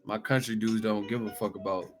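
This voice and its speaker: A man hosting a boxing channel, riffing in casual, profane commentary and firing off one rhetorical question after another. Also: fairly low pitch. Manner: animated, profane, rapid-fire rhetorical questions.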